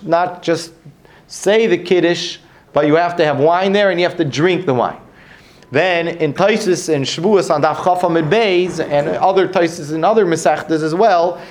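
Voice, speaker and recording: A man's voice: on the high side, a little hiss or hum. A man giving a Talmud lesson, explaining with frequent restarts and rhetorical questions. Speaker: Torah teacher.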